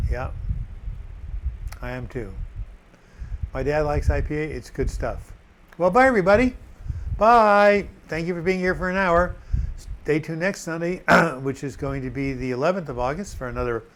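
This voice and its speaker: A man's voice: medium pitch, a little hiss or hum, rough recording. An older man hosting a live chat, reading out viewer comments with joking asides.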